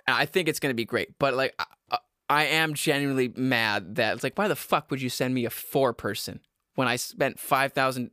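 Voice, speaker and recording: A man's voice: medium pitch, pushed and bright, clean tone, no room sound, studio quality. A man hosting his own podcast, ranting in a profane, exasperated way with self-mocking laughs, recorded in a basement at home. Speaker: podcast host. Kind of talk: casual ranting monologue.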